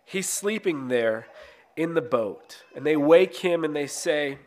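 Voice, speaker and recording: Male preacher, conversational sermon delivery, slightly raised pitch, frequent tag questions. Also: lively intonation, takes it slowly. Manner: reads scripture aloud then explains it.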